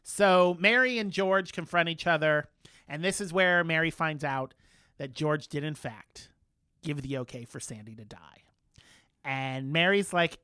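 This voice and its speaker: Bright, animated man recapping TV. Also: fairly high pitch, unhurried, smooth, dry recording, clean studio sound. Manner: animated recapping with playful quoted voices, many fillers. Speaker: podcast co-host. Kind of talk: casual chat, recapping a TV episode.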